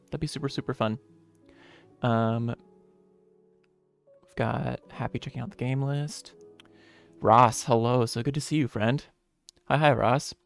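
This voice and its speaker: Creaky-voiced friendly male streamer. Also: mid-range voice. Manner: upbeat, friendly, greets viewers one by one. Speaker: streamer and game developer. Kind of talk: casual live-stream chat with viewers. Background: faint lo-fi music.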